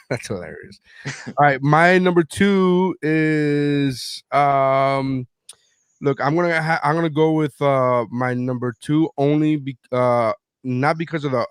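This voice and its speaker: A man's voice: mid-range voice, smooth, no echo, clean studio sound. A middle-aged man hosting a podcast, telling stories in casual chat and acting out his own lines, swearing freely. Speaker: podcast host.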